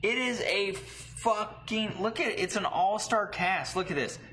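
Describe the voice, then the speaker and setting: A man co-hosting a casual movie chat, profane and animated when he tells stories. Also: high voice, unhurried, slight background noise. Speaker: podcast co-host.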